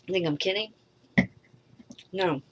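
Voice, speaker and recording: A woman's voice: fairly low pitch, fairly bright tone, slight background noise. Rambling, frustrated middle-aged woman. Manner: frustrated, rambling, swears freely, trails off; halting, with many pauses and fillers. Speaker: vlogger. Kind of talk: rambling personal monologue.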